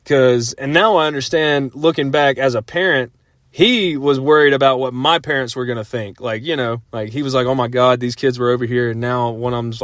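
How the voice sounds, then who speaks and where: A man's voice: medium pitch, fairly bright tone, no room sound, studio quality. A man in his thirties casually telling a rambling personal story, full of fillers and frequent laughs.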